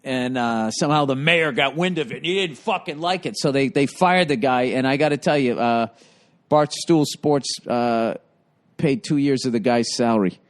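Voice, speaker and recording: A man's voice: medium pitch, moderate pace. A man hosting a podcast, telling stories in a casual comedic monologue, with profane, rambling delivery. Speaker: podcast host.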